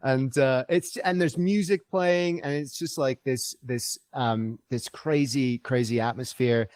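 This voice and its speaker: A man's voice: mid-range voice, steady tone, unhurried, a little mellow, no room sound. A man guest on a podcast interview, telling a travel story in an enthusiastic, rambling way with many fillers and restarts.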